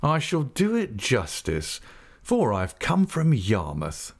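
A man reading an audiobook, voicing a jovial, careless young gentleman who talks in a hearty, mocking way. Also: medium pitch, wildly swooping pitch, takes it slowly, vocal fry, voice pushed up, exaggerated voice. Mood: breezy. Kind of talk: audiobook character voice.

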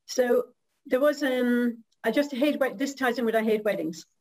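Woman, middle-aged, measured poetry reading, casual guest chat. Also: on the high side, a little mellow, low-quality recording. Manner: slow, measured recitation. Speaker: guest reading her own poem.

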